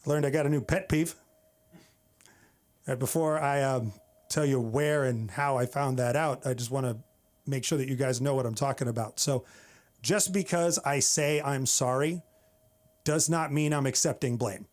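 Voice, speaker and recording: A man's voice: medium pitch, steady tone, normal speed. A man from the Bay Area, doing a wry, exasperated open-mic stand-up set on a comedy club stage. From San Francisco Bay Area. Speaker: stand-up comic.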